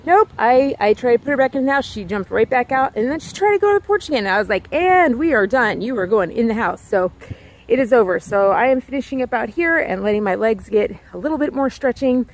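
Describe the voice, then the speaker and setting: Chatty woman vlogging outdoors, higher voice. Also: expressive, quick pace. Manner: chatty, rambling, repeats herself, many "like"s. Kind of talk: casual vlog chat. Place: outdoors near her home porch.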